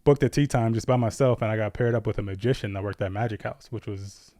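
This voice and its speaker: A man's voice: lowish voice, quick pace, mellow, no echo, studio quality. A young man co-hosting a podcast, talking in a laid-back, slangy way that often trails off. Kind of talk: casual chat.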